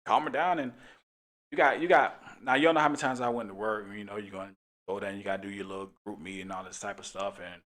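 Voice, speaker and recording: A man's voice: lowish voice, steady tone, fast talker, a bit bright. Laid-back man telling a story with laughs. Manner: laid-back, laughs often, Southern US slang. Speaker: police officer and show host. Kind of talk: casual storytelling to callers.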